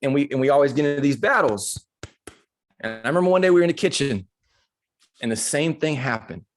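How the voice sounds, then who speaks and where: A middle-aged man giving a motivational talk to a live audience, telling a personal story in an animated, conversational way that turns emotional. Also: medium pitch, fairly quick. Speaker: motivational speaker. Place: live retreat session.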